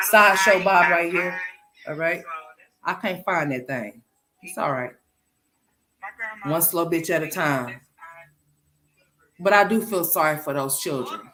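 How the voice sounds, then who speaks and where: Woman, casual reaction commentary, blunt, swings loud to quiet, bright tone. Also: lowish voice, slight background noise. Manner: blunt, profane, talks straight to viewers. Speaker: commentary streamer.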